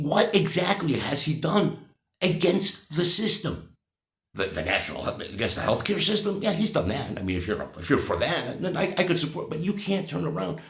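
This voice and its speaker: Gravelly man in his sixties, ranting. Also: on the high side, reverberant. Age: 60s. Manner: blunt, profane, exasperated, repeats and restarts. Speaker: vlogger. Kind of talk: heated political rant to camera.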